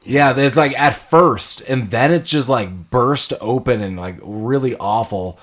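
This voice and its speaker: A man in a middle register hosts a relaxed movie discussion. He talks in an animated way, laughs easily, and slips into quoted lines from scenes as he recaps them. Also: medium pitch, measured pace. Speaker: podcast host.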